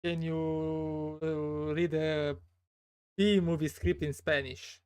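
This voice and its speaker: Woman, very low voice, terse teasing requests, dry sound. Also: flat delivery, very slow, darkish tone, clear, resonant tone, no echo. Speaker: user talking to an AI. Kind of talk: casual chat.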